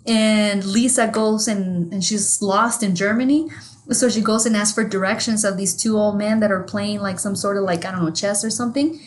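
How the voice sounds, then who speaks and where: A Mexican woman whose native language is Spanish co-hosts a podcast, spinning a rambling, profane story and laughing often. Her voice sits at a medium pitch with fairly even intonation and a moderate pace, the feel of a casual chat.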